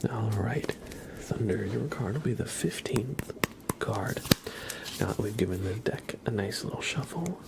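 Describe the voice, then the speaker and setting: A man hosting a live ASMR stream from home, speaking softly and playfully into a close mic. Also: fairly low pitch, animated, unhurried, creaky, very noisy. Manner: soft-spoken, chatty, playful. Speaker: ASMR livestream host. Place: at home with his cat.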